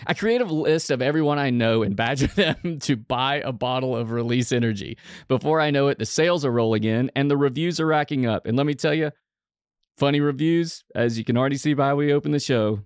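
Guy reading a story out on a comedy podcast, keeps cracking up, mid pitch, super dry close mic. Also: fairly quick, clear, resonant tone, dry recording. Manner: chuckles through his reading. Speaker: podcast co-host.

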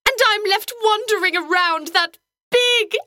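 A woman playing a shrill, indignant Victorian wife. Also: a little slow, pushed and bright, no echo, studio quality, full character voice. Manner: indignant, melodramatic.

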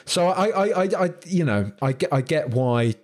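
A man's voice: on the high side, animated, moderate pace. Hesitant man reviewing films. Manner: hesitant, repeats words, restarts. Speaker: podcast co-host. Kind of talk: casual film review chat.

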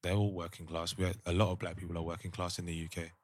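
A man's voice: sits low, flat delivery, fast. A man co-hosting a podcast chat, thinking aloud and hesitant at times. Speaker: podcast co-host. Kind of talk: casual chat.

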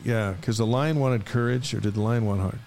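A man co-hosts a casual sports talk show in a relaxed, easygoing way. His voice sits in the middle range. He reads out the day's dates and trades quips with his partner. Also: medium pitch, fairly quick, slight background noise. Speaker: co-host.

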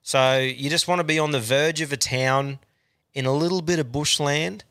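Bright-voiced crude Australian man. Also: fairly high pitch, fairly even intonation, moderate pace, clear, resonant tone. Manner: swears freely, rambling. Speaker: podcast host. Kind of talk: crude casual banter.

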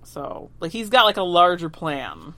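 A woman's voice: on the low side, sing-song, a little slow, pushed and bright, dry recording. A woman co-hosting a podcast in casual chat, retelling TV scenes and acting out the characters' lines. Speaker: podcast co-host recapping a TV episode.

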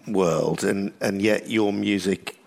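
Low gravelly male interviewer. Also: fairly even intonation, slow, darkish tone. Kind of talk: interview questions.

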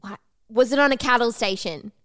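A woman's voice: brisk, fairly bright tone, no echo. Young woman, brash podcast co-host, curses a lot, dry close recording. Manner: brash, swears freely, theatrical jumps in pitch. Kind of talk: casual chat.

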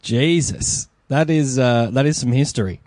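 A man's voice: medium pitch, animated, moderate pace, darkish tone, no room sound, studio quality. A young man hosting a casual podcast, joking and self-deprecating. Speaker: podcast host.

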